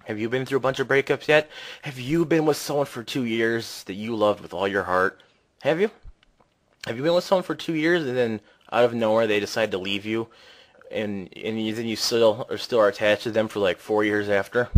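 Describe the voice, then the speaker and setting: A nineteen-year-old man in an angry, profane rant, breaking into shouts. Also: mid-range voice, a little fast, rough recording. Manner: furious, profane, bursts into shouting.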